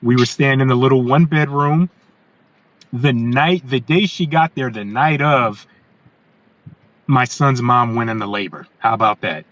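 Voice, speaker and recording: As a podcast guest, a man tells his own story in a halting, conversational manner, restarting and repeating words. His voice is medium-pitched and fairly bright, and the recording sounds muffled.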